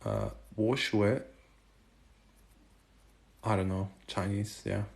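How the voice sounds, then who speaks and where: Give me a slow, low-pitched man from Germany, hosting a casual live chat and fumbling new phrases. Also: sing-song, vocal fry. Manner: halting, trying out Chinese phrases, fillers and self-correction. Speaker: livestream host.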